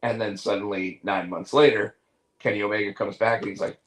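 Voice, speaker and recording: A man's voice: lowish voice, steady tone, fairly quick, a bit bright. A man hosting a podcast in casual chat, rambling animatedly and restarting his sentences. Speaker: podcast host. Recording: echoey room.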